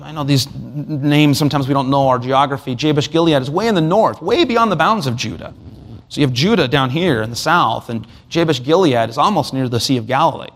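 A man preaching an expository sermon, asking rhetorical questions and reading scripture aloud. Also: fairly high pitch. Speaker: pastor.

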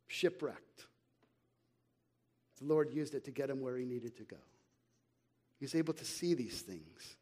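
A middle-aged man preaching a sermon as pastor, earnest and conversational, asking rhetorical questions and reading scripture slowly and with emphasis. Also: a little high, dark tone.

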